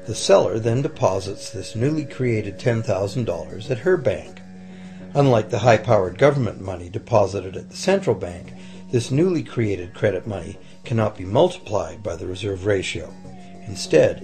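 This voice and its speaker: Male narrator, low and gravelly, calm explainer, faint music bed. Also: normal speed. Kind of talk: scripted documentary narration. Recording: voice-over with faint music behind.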